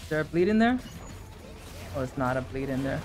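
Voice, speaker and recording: A man giving casual live commentary while playing a video game, talking to his viewers and breaking into excited shouts. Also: mid-range voice, a little fast, over music. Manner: animated, bursts into excited shouts. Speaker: gaming streamer.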